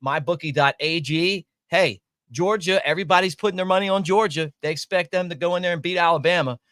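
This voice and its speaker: A man hosting a sports talk show, emphatic and lively as he talks. His voice sits a little high. The sound is dry and close. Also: brisk, no room sound. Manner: animated, emphatic.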